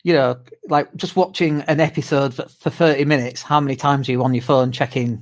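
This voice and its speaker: A British man co-hosting a podcast, chatting casually and tired from jet lag, telling animated stories with swearing and mimicked whoops. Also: mid-range voice, brisk. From United Kingdom. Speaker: podcast co-host. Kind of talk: casual chat.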